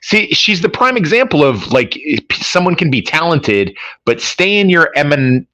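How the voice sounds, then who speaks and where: A man's voice: a little high, big pitch swings, a little slow, pushed and bright, no room sound. A man co-hosting a casual movie review podcast, from the American Midwest, blunt and opinionated and swearing freely. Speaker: podcast co-host.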